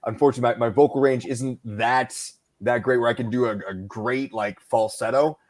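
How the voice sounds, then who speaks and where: A man who narrates audiobooks, a podcast guest explaining his craft in a halting, thoughtful way. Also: medium pitch, fairly even intonation. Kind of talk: casual conversation.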